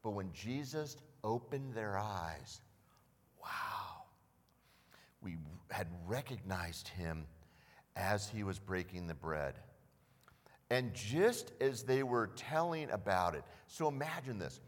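A man preaching a sermon as pastor, telling the story with animated asides and acted-out voices. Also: lowish voice, slow pace. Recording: long hall reverb.

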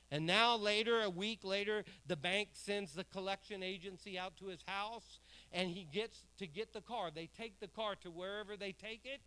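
Middle-aged guy preaching a sermon, high bright voice, asks the church stuff and gets loud and slow on the big lines. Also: clear, resonant tone. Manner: preaching with swells of loud emphasis and drawn-out words; asks the congregation questions and calls for responses. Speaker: pastor.

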